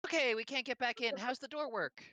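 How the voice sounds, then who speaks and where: A player in a tabletop game on a voice call, talking in an animated, hesitant way that often breaks off and restarts. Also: medium pitch, fairly quick, no room sound. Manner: animated, hesitant, self-interrupting.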